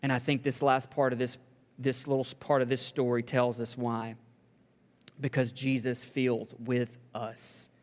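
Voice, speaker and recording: A man preaching a sermon to a congregation, building to emphatic peaks and dropping to soft, hushed lines, with joking asides. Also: medium pitch, little pitch movement, measured pace. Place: church sanctuary. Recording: long hall reverb.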